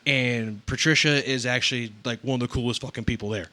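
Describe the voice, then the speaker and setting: A man's voice: medium pitch, steady tone, a little fast, sharp tone. A man co-hosting a podcast, talking in a rambling, profane, self-interrupting way with crude humor. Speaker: podcast co-host; nursing home worker. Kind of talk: casual podcast chat.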